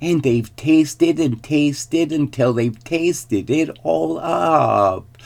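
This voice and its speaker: A shrill little bear cub squeaks and whines through the storybook, voiced by a man reading aloud. His lines come high and slow, stretched out. It is a small squeaky creature. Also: expressive, gravelly, a little mellow, full character voice. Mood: whiny.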